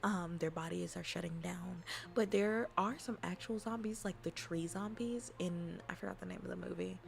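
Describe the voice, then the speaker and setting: Giggly woman, slipping into soft whispers. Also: fairly low pitch, moderate pace, gravelly, soft background music. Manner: rambling and giggly, often dropping into whispers. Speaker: streamer. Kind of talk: casual stream chat with soft ASMR voice.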